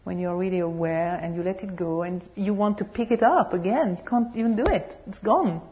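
A Buddhist nun gives a dharma talk to a meditation group. She tells humorous, animated stories in a slightly low voice. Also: brisk.

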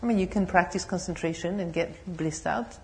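A Buddhist nun gives a dharma talk to a meditation group. She tells humorous, animated stories in a slightly low voice. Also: fairly quick.

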